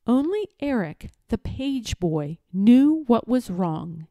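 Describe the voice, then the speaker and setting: Woman, picture-book read-aloud, slow, lively intonation, mellow voice, dry close sound. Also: a little high, no room sound. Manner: slow, expressive storytelling. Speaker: children's book reader.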